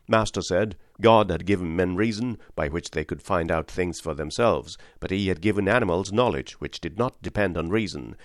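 A man reading a classic story aloud in a gentle, measured storytelling manner. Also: sits low, dry recording, studio quality. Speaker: audiobook reader. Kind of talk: storybook narration.

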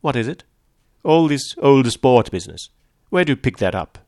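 A man's voice: mid-range voice, expressive, normal speed, no echo, studio quality, voice pushed up, close to an everyday voice. A man reading an audiobook, voicing a domineering wealthy man who talks curtly and sharply. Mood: needling. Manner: curt, sharp.

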